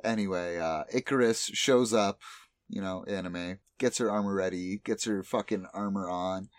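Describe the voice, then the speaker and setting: A man's voice: low-pitched, normal speed, dry recording, clean studio sound. A man casually recapping an anime plot on a podcast, swearing freely as he talks. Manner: profane, animated recapping. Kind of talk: casual chat.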